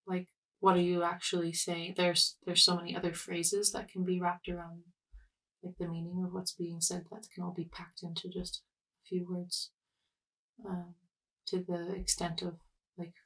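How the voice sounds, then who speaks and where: Soft-spoken young woman, a little off-mic. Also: lowish voice, monotone, distant mic, low-quality recording. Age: young adult. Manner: thoughtful, halting, many fillers and restarts. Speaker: artist, podcast guest. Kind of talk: reflective casual conversation.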